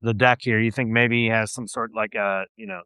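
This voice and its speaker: A man's voice: on the low side, steady tone, a little fast, pushed and bright, clean tone, no echo. A man narrating as game master of a tabletop game, rambling with many fillers.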